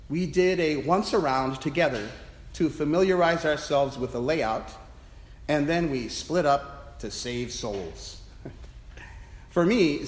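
Self-mocking priest preaching in an echoing church. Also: male voice, a little high. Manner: self-deprecating storyteller. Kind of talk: sermon told as a personal story. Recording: echoey church with long reverb.

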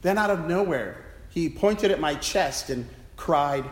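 A man's voice: a little high, animated, a little slow. A man, a priest, preaching a sermon as a self-deprecating personal story, in a church. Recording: echoey church with long reverb.

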